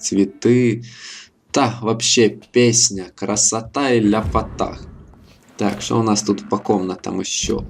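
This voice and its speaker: Gravelly-voiced gamer. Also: male voice, fairly low pitch, darkish tone. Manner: casual, joking, slangy. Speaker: gamer commentator. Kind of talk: let's play commentary.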